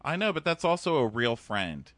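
A man's voice: mid-range voice, very animated, normal speed, a bit bright, no room sound. A man co-hosting a podcast, chatting casually and acting out quotes in exaggerated voices. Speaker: podcast co-host. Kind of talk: casual chat recapping a TV show.

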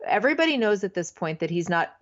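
A woman's voice: lowish voice, big pitch swings, fast, dull audio. A woman co-hosting a casual chat, wry and rambling. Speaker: podcast co-host.

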